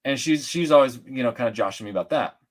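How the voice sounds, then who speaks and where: A mid-range, fast-talking voice belongs to a middle-aged man from Atlanta, a guest recounting stories in a casual chat. He's animated and rambling, with plenty of restarts and fillers.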